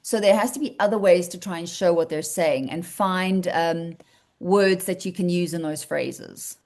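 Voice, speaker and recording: A South African woman with a lowish voice leads an online writing workshop over a video call. She explains patiently and encouragingly, thinking aloud with frequent ums and likes. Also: measured pace, a little mellow.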